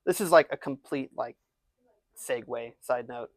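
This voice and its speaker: Young male student guest, slight lisp, halting casual speech, dry close sound. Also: mid-range voice, no room sound. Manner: casual, halting, many fillers. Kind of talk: casual interview chat.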